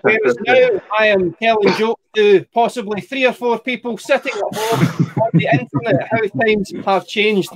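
A young Scottish man performing a stand-up set, wry and profane, with a deadpan storytelling delivery. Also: high voice, normal speed. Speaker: stand-up comedian.

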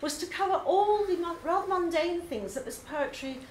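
A woman's voice: very high voice, lively intonation, normal speed. An English woman presenting her poetry course to a group, enthusiastic and chatty with frequent ums. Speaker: poetry tutor. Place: labour club hall. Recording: echoey hall, faint noise.

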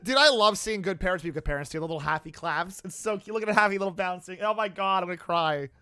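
A man hosting a casual reaction video who talks in an excitable, rambling way. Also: high-pitched, fast, smooth. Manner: excitable and rambling, with frequent outbursts.

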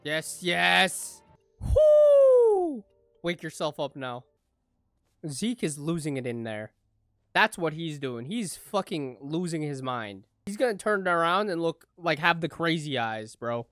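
Male reaction streamer, lively and swinging in pitch, profane, jumps from shouting to hushed mutters. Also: a little slow, no echo, studio quality, soft background music. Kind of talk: live reaction commentary.

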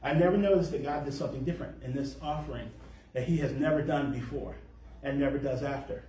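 Male teacher delivering an explanatory sermon, warm voice, recorded from afar in a reverberant hall. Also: medium pitch, fast talker. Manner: explanatory, stretches key words for emphasis. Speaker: congregation teacher. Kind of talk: sermon on scripture. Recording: echoey room, voice from far off.

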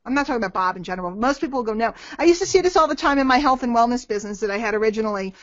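A middle-aged woman speaks rapid-fire in a fairly high, animated voice while answering marketing questions during a live webinar, sometimes playing out short conversations between people. Dry and slightly dull, the recording resembles a web call.

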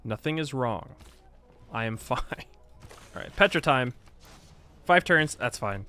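A man's voice: medium pitch, lively intonation, a little slow, pushed and bright, soft background music. Playful man in mock-annoyed game commentary. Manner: playful, self-mocking, laughs often, mock-annoyed. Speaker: gaming video creator. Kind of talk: casual let's-play commentary.

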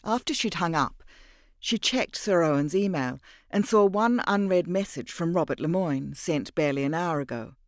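A man narrating an audiobook in a measured, even storytelling voice on a close mic. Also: a little high, dry recording. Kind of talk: scripted narration.

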